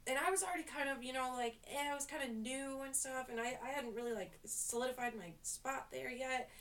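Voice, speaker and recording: A young woman with a fairly high voice tells a story to her vlog camera in a rambling, self-deprecating way. She sounds set back from the mic. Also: brisk, fairly bright tone. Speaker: hairstylist. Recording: voice distant from the mic.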